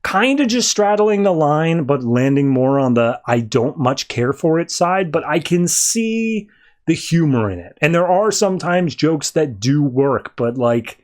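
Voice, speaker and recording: Male podcast host, slightly higher voice, rambling casual comic recap. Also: very animated, unhurried. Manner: rambling, voices characters loosely in quotes.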